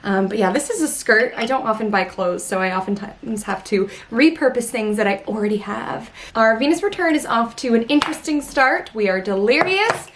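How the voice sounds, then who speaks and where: A woman's voice: a little high, slight background noise. A woman chatting in a casual vlog, bubbly and gushing. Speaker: astrology vlogger.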